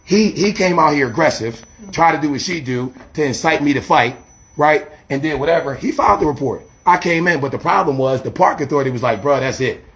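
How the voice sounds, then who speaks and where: A man, a street preacher arguing defensively outdoors by a church, talking fast and repeating himself, filmed on a handheld phone. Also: on the high side, a bit bright. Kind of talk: heated confrontational street talk. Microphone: handheld phone camera.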